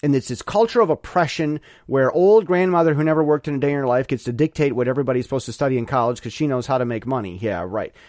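A man giving an emphatic opinion monologue, halting and often repeating words as he restarts his sentences. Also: medium pitch, a little mellow, dry recording, clean studio sound. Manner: emphatic, ranting. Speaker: commentator.

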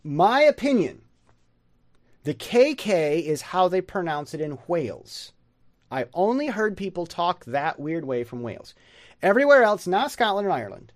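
A man giving a casual pronunciation lesson, rambling and sounding out words slowly. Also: high voice, sing-song, dry recording. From United States. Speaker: pronunciation teacher.

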